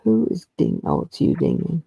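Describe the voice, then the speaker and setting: Chatty guy with a mellow, slightly gravelly voice, dry close sound, lots of ums. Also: fairly high pitch, wildly swooping pitch, moderate pace, no echo, dull audio. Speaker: livestream co-host. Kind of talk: casual chat.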